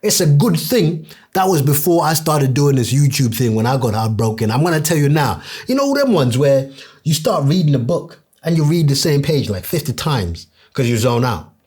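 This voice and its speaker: A man's voice: a little high, big pitch swings, normal speed, a little mellow, breathy edge. A young man hosting a podcast, talking in an earnest, conversational way and acting out what his friends said. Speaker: podcast host. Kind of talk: casual podcast monologue.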